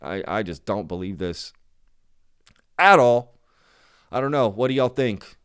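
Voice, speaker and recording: A man's voice: lowish voice, expressive, measured pace, fairly bright tone, clean tone. A man hosting his own channel, talking casually to viewers in an emphatic, skeptical way and often repeating himself. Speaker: channel host.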